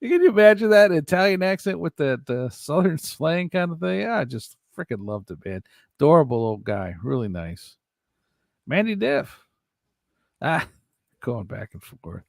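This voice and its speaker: A man's voice: a little high, normal speed, gravelly, dry recording, clean studio sound. A man hosting a casual show, reading out viewer comments and joking with his guests, laughing often. He is from Ohio. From Ohio, USA. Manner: jokey, laughs often, animated. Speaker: host.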